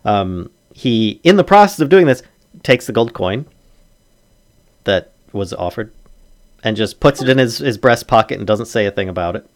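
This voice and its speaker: A man's voice: fairly low pitch, lively intonation, normal speed. A man narrating as game master of a tabletop game, hesitant and full of fillers.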